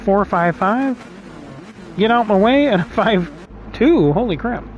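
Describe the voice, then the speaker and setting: High-voiced man chatting through a sim race. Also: expressive, measured pace, muffled recording, a little hiss or hum. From United States. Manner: chatty, laughs often, reads lap times aloud. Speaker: sim racing streamer. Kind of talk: casual racing commentary.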